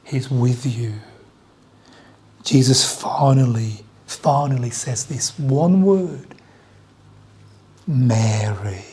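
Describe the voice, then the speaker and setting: An Australian preacher delivers an Easter sermon in a church, conversational in tone, repeating key phrases and joking with the congregation. His mid-range voice is expressive, slow, mellow and husky.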